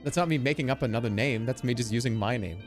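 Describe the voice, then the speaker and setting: A man in his thirties chatting casually with his live chat, animated and jokey, swinging between loud outbursts and low mutters. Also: fast, music in the background. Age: 30s. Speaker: livestreamer.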